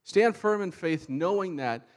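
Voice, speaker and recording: A man preaching a sermon with animated, fervent delivery. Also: high voice, a little slow. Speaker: pastor.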